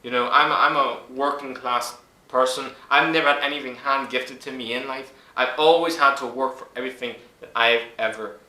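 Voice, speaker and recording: A YouTuber in his twenties rants furiously at the camera in an echoey room, swearing hard and hammering his words. His medium-pitched voice stays steady in tone while moving fairly quickly, sounding pushed and bright.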